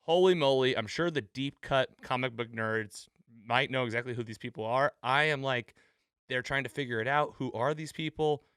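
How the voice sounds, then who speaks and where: A man hosting a casual recap chat, retelling scenes with animated quotes. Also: medium pitch, normal speed, clear, resonant tone, no room sound, studio quality. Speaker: podcast host.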